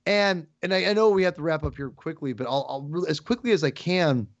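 A man talking as a podcast guest, excitable and rambling, often restarting his sentences. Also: fairly high pitch, fast, no room sound, highs cut off. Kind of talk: casual chat.

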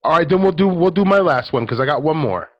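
A man's voice: fairly high pitch, animated, fast talker, lo-fi sound. A man chatting casually on a podcast, telling a story with lots of ums and likes. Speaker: podcast co-host. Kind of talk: casual chat.

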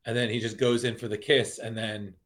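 A man's voice: fairly low pitch, level tone, fairly quick, a bit bright. A man co-hosting a casual podcast, rambling through a horror comic with lots of fillers and restarts, acting out lines as he goes. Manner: rambling, many restarts and fillers, acts out quotes. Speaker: podcast co-host. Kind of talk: casual comic book review chat.

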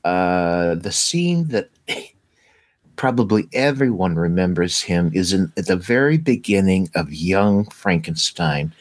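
Lively low-voiced man gushing about films. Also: dry recording. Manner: enthusiastic, gushing, halting restarts. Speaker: co-host of a movie watch show. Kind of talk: casual chat.

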